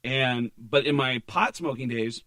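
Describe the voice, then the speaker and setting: A man's voice: mid-range voice, unhurried, pushed and bright, dry recording. A man in his forties from Arizona, telling rambling stories as a guest on a casual podcast. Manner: rambling storyteller, lots of fillers. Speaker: comedian guest.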